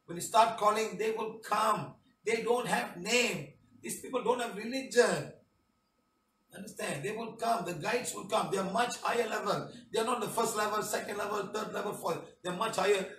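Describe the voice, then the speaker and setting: A man's voice: high-pitched, moderate pace, a bit bright, echoey room, far from the mic, slight background noise, poor audio. A man with a Malaysian English accent, a spiritual healing teacher, reading out testimonials and commenting on them emphatically, with frequent tag questions.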